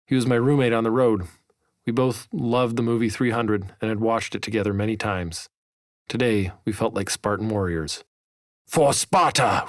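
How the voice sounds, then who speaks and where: A man's voice: on the low side, no room sound. Man narrating a memoir, dry sound. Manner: measured, vivid storytelling. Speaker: author narrating his own audiobook.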